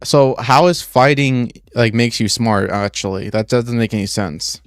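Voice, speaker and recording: This young man's medium-pitched voice is fairly even in intonation and a little slow. He rambles casually on a live stream, peppered with "like" and restarts, narrating each step aloud. The recording is dry and clean studio sound, with soft background music.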